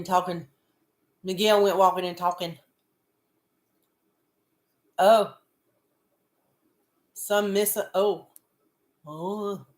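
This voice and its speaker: A woman's voice: medium pitch, fairly bright tone, roomy sound. A woman hosting a casual livestream chat, stuffed up with a head cold, greeting viewers by name and chuckling often. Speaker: livestream host.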